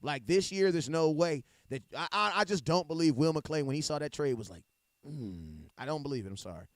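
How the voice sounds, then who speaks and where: A man with a slightly high, animated voice speaks quickly, in studio-quality sound with no room noise, though he's on a home mic for a live stream. An adult with a young daughter, he co-hosts a sports podcast, chatting casually in loose slang and laughing often.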